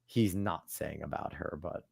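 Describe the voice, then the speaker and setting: A man's voice: low voice, unhurried, gravelly, husky, no echo, clean studio sound. A man co-hosting a podcast, chatting casually and profanely about politics. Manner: animated, profane, swinging loud and soft. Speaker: podcast co-host.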